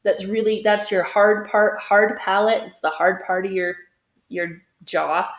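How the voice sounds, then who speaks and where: Choir teacher, woman, unhurried explainer, checks in often, roomy echo. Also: medium pitch, steady tone. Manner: demonstrates sung phrases, checks in with "okay?". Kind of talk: singing lesson. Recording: echoey room.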